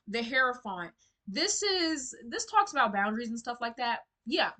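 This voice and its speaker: Brief: young woman tarot reader talking to camera, blunt and talkative, bright tone. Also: fairly high pitch, big pitch swings, normal speed. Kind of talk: casual tarot reading to camera.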